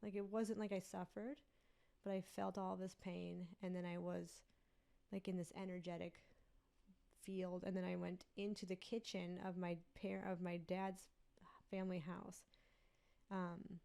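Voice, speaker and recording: A woman's voice: lowish voice, little pitch movement, unhurried, creaky, dark tone. A woman guest on a podcast, earnestly telling a personal story in a rambling way with many fillers.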